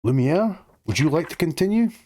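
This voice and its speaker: A man voicing a kind, encouraging young woman from a storybook, lifting his voice high. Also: sing-song, brisk, dark tone, slight background noise.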